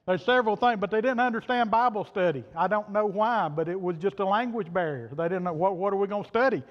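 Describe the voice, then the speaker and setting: High-voiced and quick, a man delivers a sermon in a church sanctuary, telling a folksy story plainly and quoting those involved. The recording sounds dull and reverberant, like a church hall.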